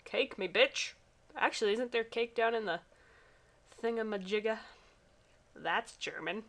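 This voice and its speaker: A woman's voice: a little high, a little slow, creaky, long pauses, fairly bright tone. A woman commenting casually on a game she plays, sarcastic and profane. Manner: sarcastic, profane, drawling asides. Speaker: game streamer.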